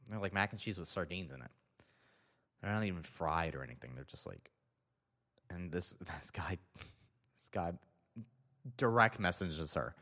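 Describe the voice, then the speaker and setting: Deep-voiced guy ranting and cursing, sarcastic, echo hanging in the room. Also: a bit bright. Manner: sarcastic, swears a lot. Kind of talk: profane comedic rant. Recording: long reverb.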